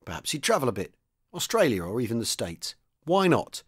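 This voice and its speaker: A man's voice: mid-range voice, sing-song, a little fast, slightly rough. A man, a podcast host, reading a chapter of a wartime novel aloud, with light voices for the characters. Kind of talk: audiobook-style reading.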